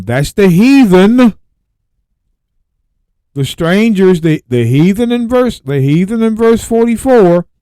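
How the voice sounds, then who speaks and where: A man hosting a Bible radio show, reading verses slowly and then breaking off to exclaim and repeat his points. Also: a little high, darkish tone, no room sound. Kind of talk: Bible teaching with scripture reading.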